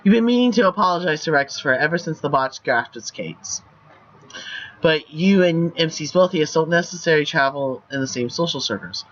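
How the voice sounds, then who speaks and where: A man's voice: a little high, animated, moderate pace, fairly bright tone, dull audio. A man streaming, reading a choice game's text aloud in a playful way with banter. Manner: playful, laughs at the lines.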